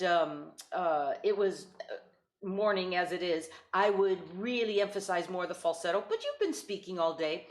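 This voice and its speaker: A woman leads a voice lesson over a video call, coaching gently and singing short warm-up sounds herself. Her voice sits in a middle range, neither high nor low. The call picks up a noticeably echoey room around her. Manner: patient, encouraging, demonstrates vocal exercises. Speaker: voice teacher. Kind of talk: online voice lesson.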